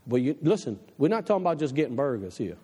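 A male pastor delivers an impassioned sermon, his voice swinging widely from low, hushed asides to soaring high exhortations. The reverb of a big church hall hangs behind every line. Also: sing-song, quick pace, breathy edge. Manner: impassioned preaching, drops low for quoted advice. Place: church sanctuary.

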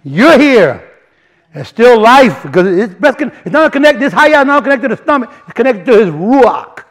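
A man teaching a sermon in a casual, animated way, often restarting phrases and building emphasis. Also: extremely high pitch, normal speed. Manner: animated, repeats and restarts, rising emphasis, colloquial grammar. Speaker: preacher. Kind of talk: sermon teaching from word studies.

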